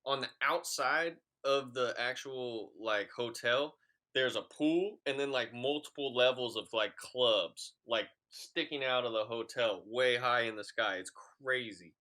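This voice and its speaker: A man's voice: mid-range voice, measured pace, pushed and bright. A young man co-hosting a podcast, telling a story in a laid-back, profane, rambling way. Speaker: podcast co-host. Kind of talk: casual chat, storytelling.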